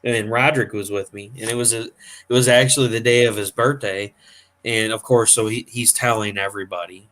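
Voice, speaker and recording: A man's voice: fairly low pitch, fairly even intonation, brisk, fairly bright tone. A man hosting a casual chat, telling long rambling convention stories full of fillers. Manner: rambling storyteller, acts out quoted voices. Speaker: host.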